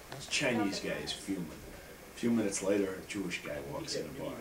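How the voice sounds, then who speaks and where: A man casually telling jokes at a family holiday gathering, sliding into low, deadpan narration, caught on a distant home camera mic. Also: brisk. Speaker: family joke teller. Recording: roomy, distant, table chatter.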